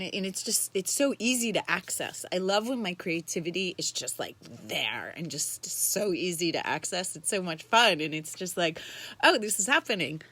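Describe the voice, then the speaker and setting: A woman's voice: mid-range voice, fairly bright tone. Bubbly woman chatting on a livestream. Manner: chatty, bubbly, greets viewers by name. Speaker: livestream host. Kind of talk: casual live-stream chat.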